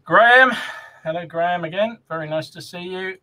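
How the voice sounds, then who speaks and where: A cheery man hosting a casual live podcast, greeting viewers and reading out their comments. His voice is bright and sits fairly high. The talk is loose and chatty. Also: normal speed. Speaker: podcast host. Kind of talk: casual livestream chat.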